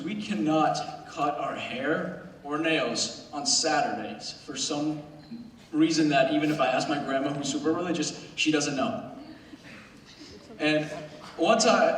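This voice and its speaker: Teen boy comic, slightly high voice, rambling self-mocking stand-up, booming hall sound from afar. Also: a bit bright, slight background noise. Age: teens. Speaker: student stand-up comedian. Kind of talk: stand-up comedy set. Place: school auditorium stage. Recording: very echoey hall recorded from far off.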